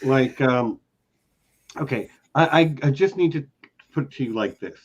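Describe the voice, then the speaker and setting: A man of middle pitch chats eagerly and emphatically on a casual podcast. His audio sounds dull and lo-fi, with the highs rolled off. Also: unhurried. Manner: eager, emphatic fan talk. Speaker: co-host, long-time fan.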